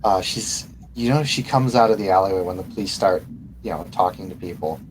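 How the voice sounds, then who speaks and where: A man runs a tabletop game in a very low, deep voice. He narrates loosely, rambling along with fillers. Faint noise hums behind him. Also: brisk. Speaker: game master.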